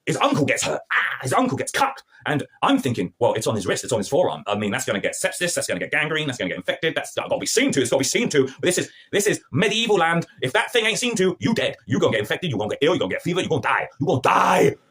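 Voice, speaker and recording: A man's voice: on the high side, sing-song, racing, hardly any pauses, fairly bright tone, breathy edge. A man reviewing a TV episode to camera in an exasperated, sarcastic, slangy rant. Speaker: film and TV reviewer.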